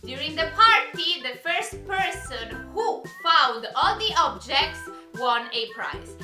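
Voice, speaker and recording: Woman, Italian accent, young adult, eager vlogger, high voice, roomy echo. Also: big pitch swings, slow, bright, forceful tone, faint music behind. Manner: bubbly, eager, often asks "okay?". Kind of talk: excited vlog explaining a party game.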